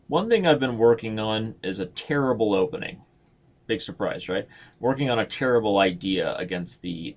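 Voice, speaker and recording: Chatty joking man streaming chess. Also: lowish voice. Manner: chatty, joking, self-mocking, thinks aloud. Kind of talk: casual live-stream commentary.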